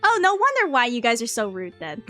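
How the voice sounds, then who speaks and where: A woman vtuber chatting casually on stream, rambling and self-interrupting in an animated way. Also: fairly high pitch, normal speed, soft background music.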